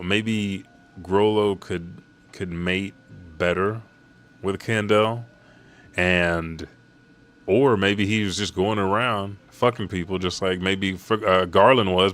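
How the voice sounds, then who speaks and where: A man recapping a comic chapter in casual talk, reading the characters' lines aloud with excited jumps in his voice and casual swearing. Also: low-pitched. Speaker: manga chapter reviewer.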